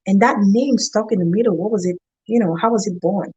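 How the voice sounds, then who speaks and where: A woman's voice: mid-range voice, fairly quick, mellow, slightly rough, highs cut off. A woman hosting a casual interview, upbeat and effusive, often laughing. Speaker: talk show host.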